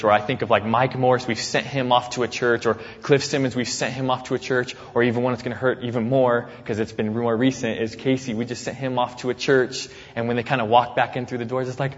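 A man preaching a sermon, casual and conversational, acting out scripture quotes with sudden loud bursts and easy laughs. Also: medium pitch, in a large hall, muffled recording. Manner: animated, acts out the apostle's words with sudden loud jumps. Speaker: pastor.

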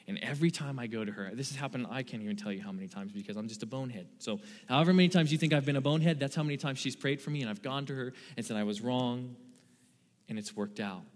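A young man preaching as a youth pastor, earnest and personal, swinging between loud emphasis and hushed asides. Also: mid-range voice, fairly quick. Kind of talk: sermon. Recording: long reverb of a large hall.

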